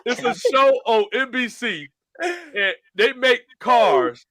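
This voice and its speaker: 남자 밝고 건조한 목소리로 생생하게 이야기하는 토크쇼 진행자. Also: male voice, very high voice, slow pace, dry recording, clean studio sound. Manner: animated storytelling, acts out phone menus. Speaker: show host. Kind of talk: casual podcast chat.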